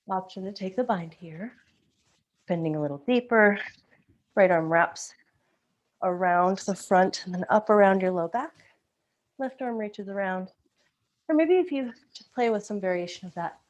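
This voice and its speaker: A woman leading a live-streamed yoga class, calmly cueing breaths and poses, a little out of breath, heard over a video call. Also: medium pitch. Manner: calm breath-paced cueing, occasional self-corrections. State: slightly out of breath. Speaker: yoga instructor.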